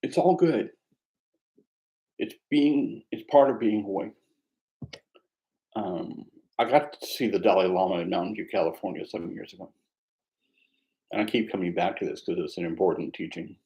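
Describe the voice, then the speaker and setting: A man teaching meditation, speaking in a reflective, conversational way with a gently self-mocking humor. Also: sits low, moderate pace, long pauses, low-quality recording. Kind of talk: mindfulness dharma talk.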